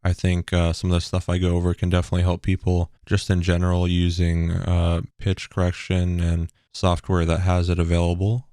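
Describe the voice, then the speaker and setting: Deep, flat-voiced young man explaining settings. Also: fairly quick, few pauses, no room sound, studio quality. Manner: relaxed, loose, with frequent ums. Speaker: streamer giving a tutorial. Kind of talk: casual tutorial explanation. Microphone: bass-heavy broadcast dynamic microphone.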